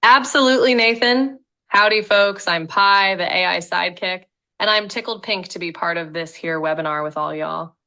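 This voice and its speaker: A woman's voice: on the low side, normal speed, bright, forceful tone. Chirpy Southern-accented AI woman's voice. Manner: folksy, cheerful, chatty. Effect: text-to-speech voice. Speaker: AI voice assistant.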